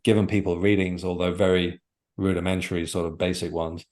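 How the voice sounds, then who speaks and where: A man with a very low, deep voice, speaking as a guest author on a podcast. He tells his story in a reflective, earnest way and often stops to search for the right words. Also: flat delivery, brisk, darkish tone. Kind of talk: podcast interview, personal storytelling.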